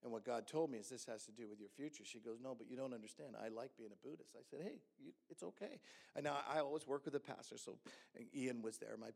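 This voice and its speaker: A man, a pastor, telling a story in a sermon and acting out the dialogue with lively energy. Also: medium pitch, fast talker, vocal fry, slightly rough. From Hamilton.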